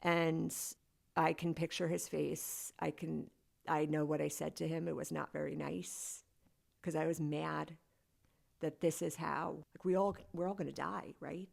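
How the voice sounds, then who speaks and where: A woman guest talks through a personal story in a podcast conversation. Her voice sits somewhat low, with a gravelly, creaky fry. She speaks candidly and casually, with plenty of "like.". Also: level tone, unhurried. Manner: candid and conversational, heavy use of "like".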